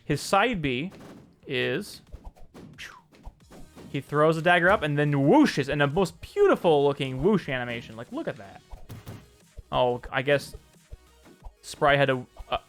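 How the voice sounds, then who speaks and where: A man with a slightly high voice chats casually through a live stream, answering viewers as he shows off a game. He often restarts and corrects himself mid-sentence. Faint music plays behind him. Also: very animated, unhurried, long pauses. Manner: chatty, answers chat messages, frequent restarts and self-corrections.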